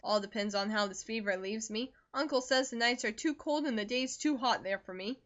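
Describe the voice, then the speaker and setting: A woman reads as a young man getting over a long fever, still cheerful and eager to talk. He comes across as brisk and emphatic. The audiobook sound is a little dull in the highs. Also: a bit bright, natural voice.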